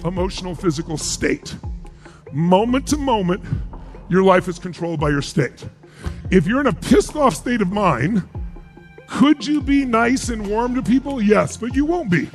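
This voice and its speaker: A man speaking from a seminar stage, his voice sitting high for a man and leaping all over in pitch. He talks emphatically as a motivational speaker and keeps throwing questions out to the audience. Faint music runs underneath him. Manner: emphatic, asks the crowd rhetorical questions. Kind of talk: live seminar speech to an audience.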